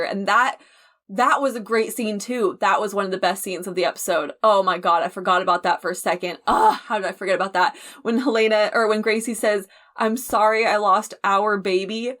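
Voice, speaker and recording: A young woman hosting a reaction channel, giving casual, emotional commentary on a TV episode. She laughs often and rushes through her sign-off. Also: mid-range voice, a bit bright.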